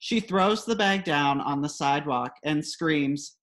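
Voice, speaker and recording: A woman's voice: low voice, unhurried, few pauses. A woman reading her own comic personal essay aloud in a wry, dry storytelling manner.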